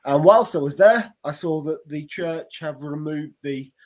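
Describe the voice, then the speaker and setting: Man, podcast co-host, rambling, easygoing, slightly high voice. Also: measured pace, a little mellow. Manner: rambling, easygoing, thinks aloud. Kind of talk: casual chat.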